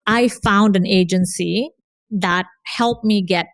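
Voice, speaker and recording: Woman from Indonesia, podcast guest, earnest storyteller, mid-pitched, dry close sound. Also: slow, no echo. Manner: earnest, repeats phrases for emphasis. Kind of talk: conversational storytelling.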